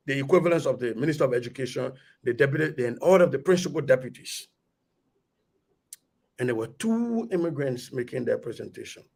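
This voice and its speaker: A middle-aged man from Liberia with a Liberian accent, telling a story in a lively, animated way on a radio talk show. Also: mid-range voice, gravelly. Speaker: radio guest. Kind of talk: storytelling in conversation.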